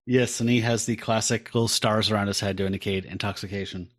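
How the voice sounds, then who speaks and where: A man's voice: lowish voice, steady tone, quick pace. Wry man co-hosting a podcast. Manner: wry, joking. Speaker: podcast co-host. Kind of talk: casual chat recapping a comic.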